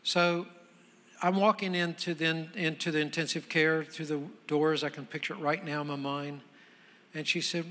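Bright-toned male preacher in a reverberant hall. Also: a little high, steady tone, unhurried. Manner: conversational telling that builds to loud, emphatic preaching. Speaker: guest pastor. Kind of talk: sermon storytelling.

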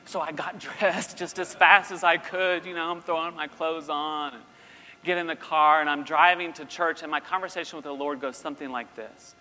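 A middle-aged man telling a lively story in a sermon, acting out voices as he goes. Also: a little high, normal speed. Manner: animated, acts out voices in his story. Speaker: university president giving a talk. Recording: long reverb in a hall, faint ambience.

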